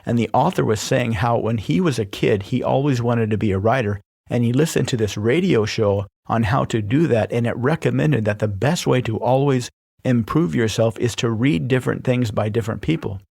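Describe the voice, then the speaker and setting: A man hosting a podcast, reading scripted instructional narration in a steady, even-paced delivery. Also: medium pitch, moderate pace, creaky, breathy edge, no echo, studio quality. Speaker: podcast host teaching persuasion.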